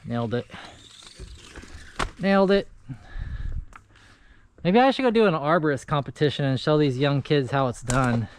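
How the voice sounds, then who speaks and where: A man's voice: fairly high pitch, very animated, fairly quick, hardly any pauses, clear, resonant tone. A man casually narrating his tree service work day, chatty and laid-back as he works. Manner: chatty, laid-back, talks while working. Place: outdoors in a yard. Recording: outdoor work noise behind voice.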